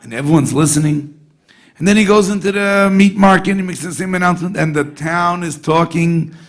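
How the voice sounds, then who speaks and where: A man, a rabbi, telling a story to a gathering in a chatty, animated way, dropping in Yiddish and Hebrew words and checking in with the listeners. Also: sits high, a little fast. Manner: conversational, often asks the audience "you know what I mean?". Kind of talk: storytelling talk at a Hasidic gathering.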